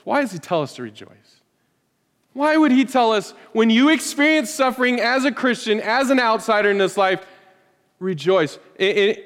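Man, pastor, sermon, emphatic, fairly high voice, long hall reverb. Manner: emphatic, swings from loud rhetorical questions to hushed lines.

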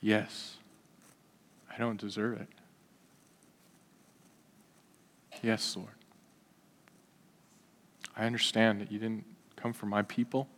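A desperate woman, humble and hushed, speaking low and quiet, as a preacher acts her out. Her soft-spoken pleading rings out with a long hall reverb. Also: little pitch movement, measured pace, pauses often.

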